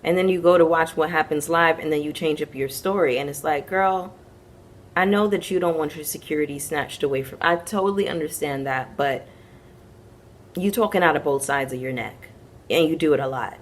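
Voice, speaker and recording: A woman with a low voice recapping reality TV for her viewers. She talks frankly and with sass, tossing in slangy asides as she goes. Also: normal speed. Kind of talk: casual commentary recap.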